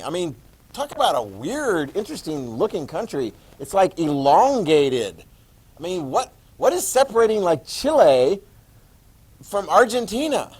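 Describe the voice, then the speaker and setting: A man teaching a history class, animated, asking his students questions and answering them himself. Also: sits high, normal speed. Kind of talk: classroom lecture.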